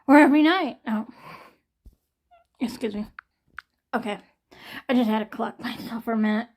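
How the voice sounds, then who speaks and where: A young woman talks straight to her viewers in a raw, emotional vlog, her voice sitting a little high. She is shaking from pain and close to tears, venting hard with frequent swearing. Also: normal speed, darkish tone. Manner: distressed, venting, swearing often. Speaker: vlogger.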